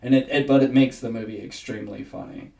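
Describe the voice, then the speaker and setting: A man co-hosting a podcast in casual chat, animated and laughing often as he mimics voices. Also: mid-range voice, fast, vocal fry, distant mic. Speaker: podcast co-host. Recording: roomy, off-mic sound.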